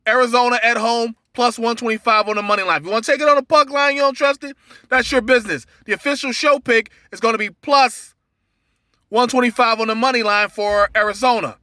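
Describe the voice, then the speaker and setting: Bright high-voiced sports betting host. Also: male voice, steady tone, brisk, no room sound, studio quality. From Cincinnati area. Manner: loose, rambling, with many fillers and restarts. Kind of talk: casual betting picks monologue.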